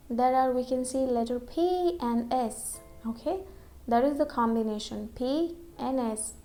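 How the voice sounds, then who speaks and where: A woman's voice: a little high, dark tone. A woman teaching English pronunciation, saying example words twice and checking in with "okay?" after each point. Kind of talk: slow pronunciation lesson.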